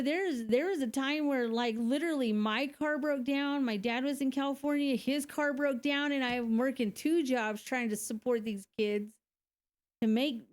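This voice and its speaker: A woman, a single mother, telling her own story in a candid, conversational way, with frequent laughs and fillers. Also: sits high. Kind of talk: casual personal testimony.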